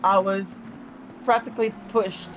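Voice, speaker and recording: A middle-aged woman with a Spanish accent, a native Spanish speaker, chatting as co-commentator in an animated, exclamatory way. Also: mid-range voice, unhurried, background noise. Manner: animated, laughing, exclaims often. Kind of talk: casual chat on a race stream.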